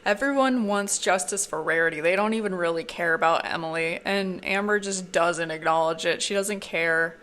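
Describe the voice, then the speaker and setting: A woman's voice: fairly low pitch, moderate pace, few pauses, fairly bright tone. A woman hosting a reaction commentary channel who talks in a mocking, amused, sarcastic way.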